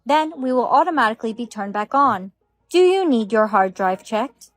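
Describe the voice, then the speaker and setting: A woman with a high voice acts in a comedy skit, with matter-of-fact, playful lines. Faint music runs underneath. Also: animated, moderate pace, dry recording. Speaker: content creator.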